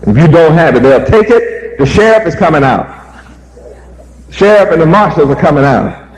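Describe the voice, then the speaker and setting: A man's voice: fairly high pitch, expressive, normal speed, rough recording. A man preaching a sermon, emphatic and repetitive, firing rhetorical questions at his listeners.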